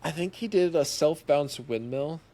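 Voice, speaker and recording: A young guy appears as a podcast guest, spinning a story in a loose, lively style, often laughing and imitating what others said. His voice sits a little high, and he talks at a moderate pace.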